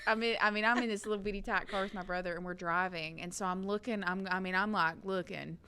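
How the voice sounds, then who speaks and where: A woman with a medium-pitched voice talks fast, with a little hiss or hum on the track. Co-hosting a podcast, she tells an amusing family story casually, animated and laughing as she goes.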